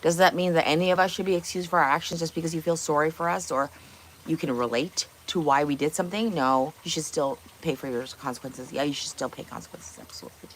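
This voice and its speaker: Blunt low-voiced woman streaming live. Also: fast talker, slight background noise. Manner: blunt, opinionated, swears, asks rhetorical questions. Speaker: livestream host. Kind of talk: casual livestream chat. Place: home kitchen.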